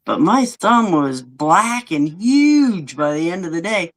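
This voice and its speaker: A man in casual chat, telling a work story in an unhurried, laid-back way. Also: high-pitched, big pitch swings, a bit bright, rough recording.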